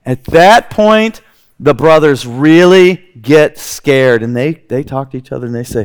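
A man preaching a sermon, retelling a scripture story and quoting its characters in lively, acted-out voices. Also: normal speed, smooth. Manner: drops low and quiet when quoting characters.

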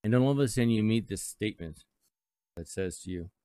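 A man with a fairly low voice, hosting live radio from a dry, close-miked studio. He rambles casually through reflections and stories, slipping into playful mock voices now and then. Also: expressive, a little fast, dark tone, no room sound. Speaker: radio host.

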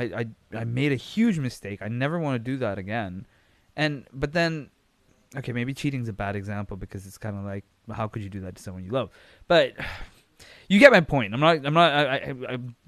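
Young male podcast host, frank and rambling, smooth tone, mid pitch, dry close sound. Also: dry recording. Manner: rambling, frank, swears freely, many fillers. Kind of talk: casual solo commentary.

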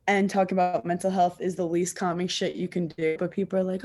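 A woman comedian from New York with a calm, soothing voice. She talks in a sarcastic, self-mocking way and laughs easily. She is a guest on a video call from her apartment couch. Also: lowish voice, quick pace. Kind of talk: casual interview chat.

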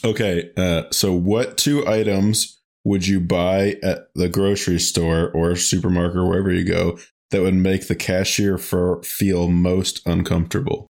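A man's voice: deep voice, flat delivery, measured pace, creaky, a little mellow. A man co-hosting a podcast, chatting casually, laughing often and joking crudely. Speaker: podcast co-host. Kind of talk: casual chat.

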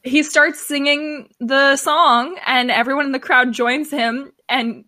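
A young woman co-hosting a podcast, recapping an episode in an enthusiastic, excitable casual chat. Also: high voice, slow pace. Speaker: podcast co-host.

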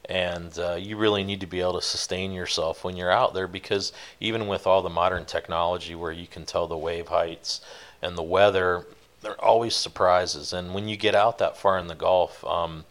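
A man telling a long fishing-boat story in a relaxed, rambling interview, with many fillers. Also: low-pitched, normal speed. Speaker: guest, offshore fishing boat captain.

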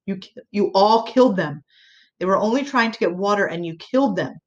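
A woman's voice: mid-range voice, fairly quick, muffled recording, lightly acted. A woman voicing a small, desperate man grieving his family, his voice breaking as he pleads. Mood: anguished.

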